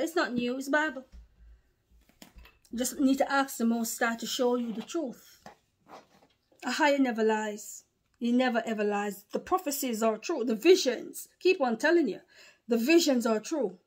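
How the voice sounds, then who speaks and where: A woman preaching a sermon to her video audience. She talks emphatically, repeats herself, and pauses to recollect. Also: a little high.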